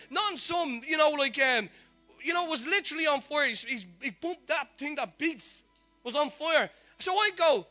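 A man's voice: extremely high pitch, lively intonation, moderate pace, pushed and bright, soft background music. A man preaching a sermon, telling a testimony with fervent, repeated declarations.

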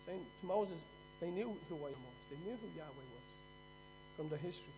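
A man delivers a sermon from the pulpit with a high-pitched voice. He presses his points with a repetitive, emphatic preaching cadence. Soft music plays faintly behind him. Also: lively intonation, normal speed, rough recording. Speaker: pastor.

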